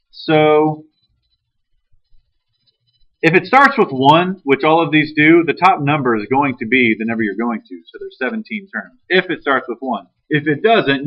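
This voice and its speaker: A male math teacher leading a classroom lesson, talking casually and teasing his students. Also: on the high side. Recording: dull lo-fi classroom recording.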